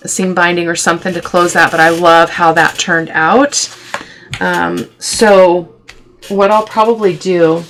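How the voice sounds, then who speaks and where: A woman's voice: fairly low pitch, fairly bright tone, slight background noise. A middle-aged woman hosting a casual craft tutorial, chatty and affectionate, thinking aloud with fillers as she works. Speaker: craft video host.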